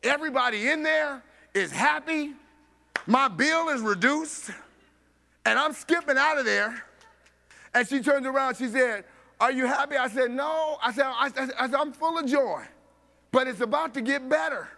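A man preaching a sermon, telling a story with animated voices for each person and laughing along. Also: very high-pitched, moderate pace, vocal fry.

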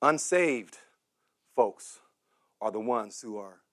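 A man preaching a sermon who acts out the voices of beggars and crowds, repeats words and builds up to shouted cries. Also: mid-range voice, animated, takes it slowly.

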